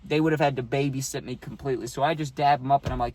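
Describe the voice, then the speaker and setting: A man's voice: mid-range voice, steady tone, a little fast, a little mellow. Laid-back slangy man telling stories. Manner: slangy, laid-back, says "dude" a lot. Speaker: YouTube storyteller. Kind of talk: casual storytime chat. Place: outdoors on a hot day.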